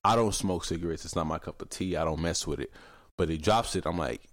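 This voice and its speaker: A young man hosts a casual solo podcast, telling stories bluntly and animatedly, cursing freely and mimicking how other people talk. He has a deep voice and talks fast, recorded in clean studio sound with no echo.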